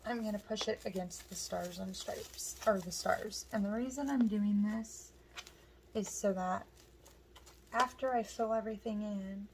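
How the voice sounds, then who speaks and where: Hoarse woman slowly talking through a craft. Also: mid-range voice, steady tone, background noise. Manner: chatty, talks while working with her hands. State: hoarse, losing her voice. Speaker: craft tutorial host. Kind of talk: step-by-step crafting instruction.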